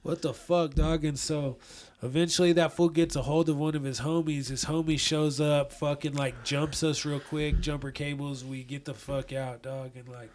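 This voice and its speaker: A man's voice: on the high side, fairly even intonation, moderate pace, slight background noise. A young man from Colorado telling a profane, slang-heavy story in casual chat, acting out the quotes. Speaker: guest storyteller.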